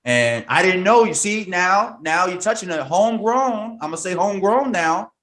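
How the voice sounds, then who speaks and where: A man's voice: high-pitched, lively intonation, normal speed, fairly bright tone. Enthusiastic male interview host. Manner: enthusiastic, emphatic, encouraging. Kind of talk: casual interview.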